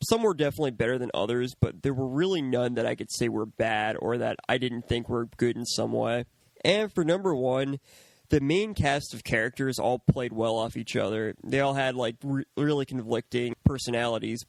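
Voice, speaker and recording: A man co-hosting a movie review show in casual chat, with an even, dry manner and deadpan asides. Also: mid-range voice, moderate pace, gravelly, no room sound. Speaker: podcast co-host.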